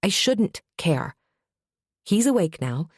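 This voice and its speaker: A woman's voice: fairly low pitch, big pitch swings, takes it slowly, no echo, clean studio sound. A woman narrating a fantasy audiobook in first person, with a wry, sardonic edge.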